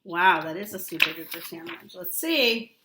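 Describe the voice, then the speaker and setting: A woman teaching a young child a remote lesson, drawing out words and repeating them with steady encouragement. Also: on the low side, reverberant, background noise. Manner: slow, drawn-out, encouraging teacher talk with repetition.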